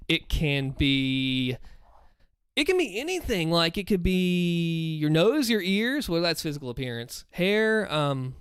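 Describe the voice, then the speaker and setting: A man's voice: on the high side, clean tone, no room sound, studio quality. Earnest man chatting on a live stream. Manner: earnest, rambling, lots of restarts, advice-giving. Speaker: streamer answering viewer questions. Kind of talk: casual live-stream chat. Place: home room, seated in a chair. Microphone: desk microphone.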